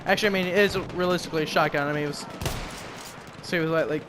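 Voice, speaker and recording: Over game music and gunfire plus background noise, a young American gaming commentator rambles profanely, hopping between topics with asides. His slightly high voice holds a steady tone, racing along but with long pauses.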